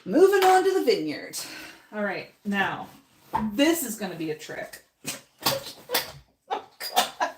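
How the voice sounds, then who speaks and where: Lively, chatty woman hosting a paint-along. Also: high-pitched, slow pace, pauses often, reverberant, slight background noise. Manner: chatty, laughs often, thinks aloud nervously. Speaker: painting host. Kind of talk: live paint-along chat with viewers.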